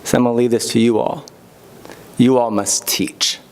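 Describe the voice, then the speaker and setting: A middle-aged man gives a heartfelt acceptance speech at an awards event. He thanks his students, family and colleagues one by one. His voice sits at an ordinary pitch, and he lightens it with small asides. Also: level tone, moderate pace, background noise. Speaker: award-winning teacher giving acceptance speech.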